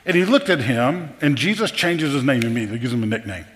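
A man's voice: medium pitch, expressive, fast talker, a bit bright, slight background noise. A man preaching a conversational sermon, repeating words and asking the audience questions. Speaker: pastor. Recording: long hall reverb.

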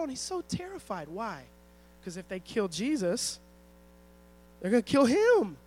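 A man's voice: extremely high pitch, big pitch swings, unhurried, darkish tone, poor audio. A man preaching a sermon, emphatic and storytelling, who often asks the congregation rhetorical questions. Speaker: pastor.

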